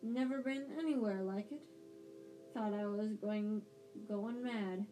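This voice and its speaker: A woman's voice: medium pitch, slow pace, over music, lightly acted, low-quality recording. Woman reading as a mournful giant gamekeeper. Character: gloomy giant gamekeeper man, tearful.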